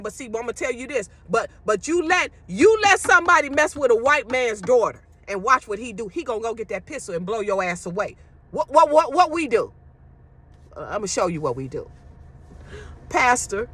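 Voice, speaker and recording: High-pitched, blunt woman ranting. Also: fairly bright tone, breathy edge. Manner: emphatic, blunt, profane. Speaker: social media commentator. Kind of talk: ranting monologue to viewers.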